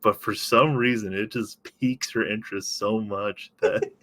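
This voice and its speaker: A man with a fairly low, bright and forceful voice chats casually on a podcast. He laughs often, swears freely and talks in loose, easygoing runs. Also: steady tone, normal speed, a little hiss or hum. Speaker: podcast co-host.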